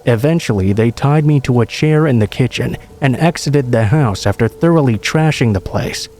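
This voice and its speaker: A man reading a true horror story aloud in a calm, steady scripted narration. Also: mid-range voice, normal speed. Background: rain and faint music.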